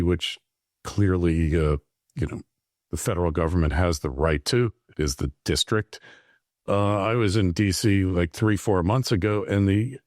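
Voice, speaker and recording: A man's voice: sits low, a little mellow, no room sound, clean studio sound. A man hosting a political interview podcast, talking in a loose, conversational way with plenty of fillers. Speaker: podcast host.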